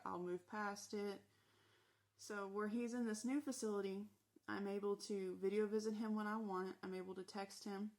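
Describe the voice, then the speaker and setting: A woman tells her own story in the first person, as a former corrections officer looking back. She retells events and quoted dialogue matter-of-factly, her pitch staying fairly level. Her voice sits mid-range for a woman.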